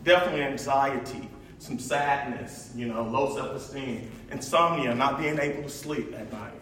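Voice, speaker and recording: A presenter with a slightly bright, medium-pitched voice talks at a moderate pace through his slides, keeping things casual and chatty with lots of fillers and laughter. He's heard from far off in a large echoey room, with faint noise.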